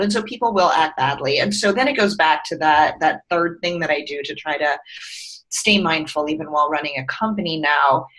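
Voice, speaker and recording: In a rough recording, a middle-aged woman with a lowish voice shares stories during a conversational interview. She founded a company, and her storytelling is earnest and expressive, with moments where she tears up.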